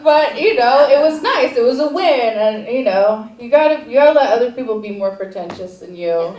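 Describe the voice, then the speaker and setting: A high-pitched woman performs a self-mocking stand-up set in a theater. Her voice comes from a distance and echoes around the room, and she slips into quoted voices as she goes. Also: darkish tone. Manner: chatty, self-mocking, acts out other people in quotes. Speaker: stand-up comedy student. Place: comedy theater stage.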